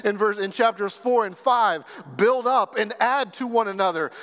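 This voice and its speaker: A man preaching a sermon as pastor, speaking earnestly and deliberately and leaning on repeated phrases. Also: high-pitched, fairly bright tone. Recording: long reverb of a large hall.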